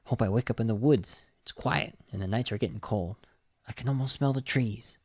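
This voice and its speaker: A man's voice: medium pitch, fairly quick, a little mellow, no room sound, clean studio sound, close to an everyday voice. A man quoting and mimicking the lines of a young male warrior from a film, in a solemn tone. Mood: earnest. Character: earnest young male warrior from an 18th-century tribe.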